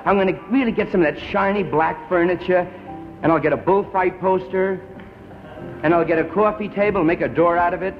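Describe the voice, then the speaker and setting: A man's voice: sits high, brisk, over music. Hip-talking man on old TV. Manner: hip jive slang, laid-back. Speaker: stand-up comedian. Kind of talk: stand-up routine. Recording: dull lo-fi 1950s TV broadcast.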